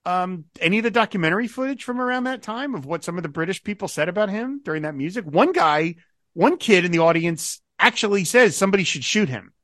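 A man's voice: high-pitched, lively intonation, quick pace, a bit bright, dry recording, studio quality. A man hosting a podcast in casual chat, laughing often and reading out quotes. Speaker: podcast host.

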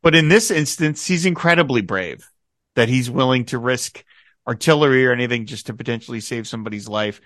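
A man's voice: medium pitch, brisk, no room sound, studio quality. A man hosting a casual podcast, enthusiastically recapping a TV episode and acting out lines of dialogue. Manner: enthusiastic, quotes dialogue in animated bursts. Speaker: podcast host.

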